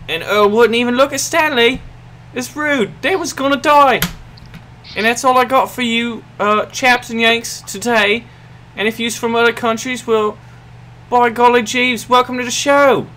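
A man's voice: extremely high pitch, bright, forceful tone, voice pushed up, heavily acted. A man voicing a bumbling WWII bomber pilot in a mock British accent, with rousing speeches and broken grammar. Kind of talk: gaming commentary.

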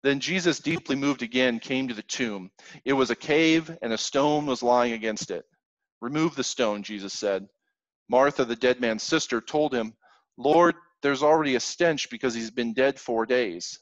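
A man's voice: medium pitch, moderate pace, no echo, highs cut off. A man preaching a sermon, reading scripture aloud and explaining it in an earnest, conversational way. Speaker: pastor.

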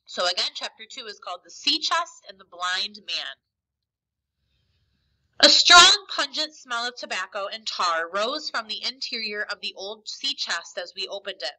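Woman teacher, expressive read-aloud, very bright mid-pitched voice. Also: moderate pace, poor audio. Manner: expressive storytelling. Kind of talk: reading a novel aloud for a lesson.

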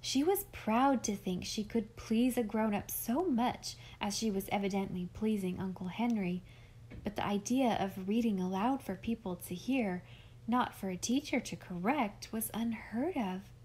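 A woman reading a classic children's novel aloud as narrator, steady and storytelling. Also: medium pitch, unhurried, breathy edge. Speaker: audiobook narrator. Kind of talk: scripted narration.

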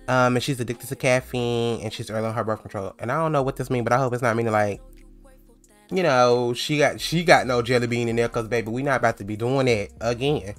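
Brief: slangy, chatty male let's-player, middle pitch, soft background music. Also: brisk. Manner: chatty, slangy, laughs easily. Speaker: let's play host. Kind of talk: casual game commentary.

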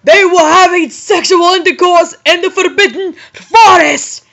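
A woman voicing a furious old male headmaster wizard, yelling shrilly at students. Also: very high-pitched, fairly even intonation, a little slow, creaky, voice pushed up, heavily acted. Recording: muffled lo-fi recording.

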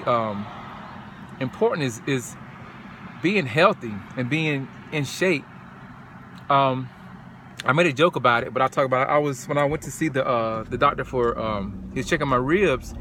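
Man, fitness trainer, casual vlog, short of breath, halting and repetitive, traffic noise behind. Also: mid-range voice. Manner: halting, repeats words and restarts often. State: short of breath from bruised ribs.

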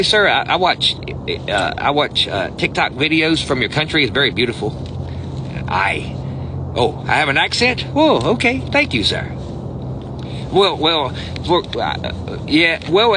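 A man from the United States doing a comic one-sided phone call, earnest and polite, stammering as he restarts his sentences. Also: a little high. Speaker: comedian. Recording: background noise.

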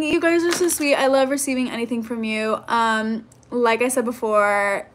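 A woman's voice: a little high, a bit bright. A young woman YouTuber chatting casually as she unboxes fan mail, gasping and gushing with "oh my gosh" and "so cute". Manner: gushing, gasping and squealing over gifts; says "so cute" and "oh my gosh" over and over.

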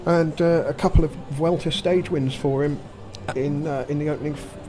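A man's voice: fairly high pitch, steady tone, normal speed, a crowd in the background. A man co-hosting a podcast, talking in a casual, chatty way full of asides and fillers. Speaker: podcast co-host. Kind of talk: casual chat. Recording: recording with clear background noise.

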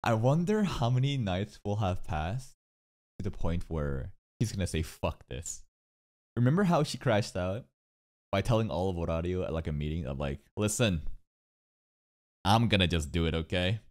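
An anime reaction streamer giving casual, excitable commentary, swearing often and calling the viewer bro. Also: sits low, moderate pace. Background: anime audio playing.

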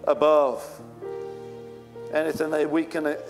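A man's voice: fairly high pitch, level tone, a little slow, music in the background. A male pastor preaching a sermon with fervent, rising outbursts.

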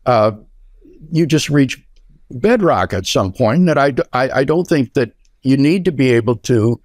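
A man replying in an academic debate, speaking in a measured, deliberate way. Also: medium pitch, lively intonation, a little mellow, dry recording, clean studio sound. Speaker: philosopher in a debate.

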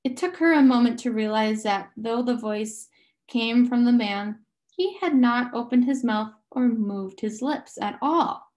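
A woman reading a novel aloud slowly and carefully. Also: fairly high pitch, a little mellow. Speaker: audiobook reader.

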